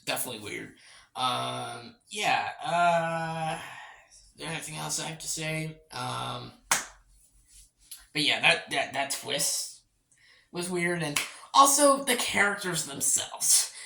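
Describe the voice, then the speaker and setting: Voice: medium pitch, expressive, slow, gravelly, pauses often, bright, forceful tone, reverberant, a little hiss or hum. A casual movie reviewer who rambles, restarts phrases, swears and laughs often.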